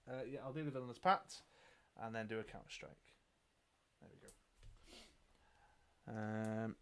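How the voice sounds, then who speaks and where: A man's voice: mid-range voice, expressive, normal speed, long pauses, fairly bright tone, clear, resonant tone. A British man co-hosting a live tabletop dice game, casually thinking aloud as he reads cards and counts dice. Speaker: game show co-host.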